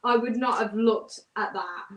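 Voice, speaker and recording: A woman's voice: fairly high pitch, unhurried. Chatty female guest, light Birmingham twang, echoey room, distant mic. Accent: slight Birmingham twang. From England. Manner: chatty, laughs often. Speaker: guest board game designer. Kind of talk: casual chat.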